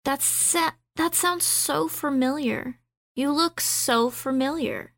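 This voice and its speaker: A woman's voice: high-pitched, slow pace, vocal fry, a bit bright. A woman playing a cheeky character in a tabletop game, in a playful, teasing way. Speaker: player. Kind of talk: tabletop role-play.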